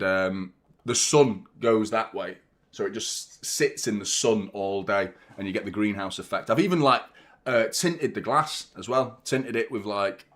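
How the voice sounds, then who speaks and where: A man hosting a live football watchalong, chatting excitedly and nervously while reading out viewer messages from a hot glass-walled room. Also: on the low side. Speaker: host of a football fan channel.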